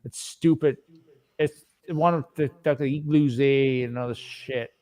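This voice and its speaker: A man's voice: medium pitch, steady tone, unhurried, warm tone, dry recording. A Canadian man chatting casually on a podcast, rambling with lots of fillers and trailing off. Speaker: podcast co-host. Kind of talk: casual chat.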